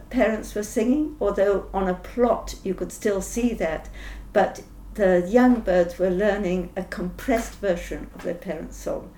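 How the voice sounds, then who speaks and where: An older woman scientist answering interview questions thoughtfully, pausing often with ums and restarting sentences. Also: medium pitch, warm tone. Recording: roomy echo, faint background noise.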